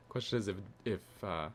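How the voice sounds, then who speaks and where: A man's voice: low-pitched, a bit bright, a little hiss or hum. A man streaming a game, giving goofy, rambling commentary and stories with frequent restarts. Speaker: gaming streamer. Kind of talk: casual gameplay commentary.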